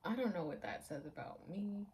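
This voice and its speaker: A woman's voice: mid-range voice, animated, fairly quick, darkish tone, a little hiss or hum, low-quality recording. A woman in her twenties chatting casually to camera at home, rambling, laughing often and dropping into half-whispers. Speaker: vlogger.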